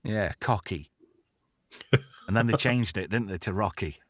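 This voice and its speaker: A man's voice: on the low side, lively intonation, a little slow, a bit bright. A man hosting a casual online chat show, brash, sweary and mocking in manner. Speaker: radio presenter and stream host.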